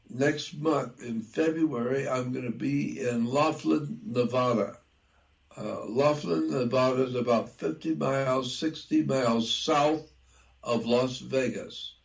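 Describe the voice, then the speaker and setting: Slow gravelly older man lecturing. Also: mid-range voice, a little mellow, poor audio. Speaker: guest researcher. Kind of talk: conversational interview.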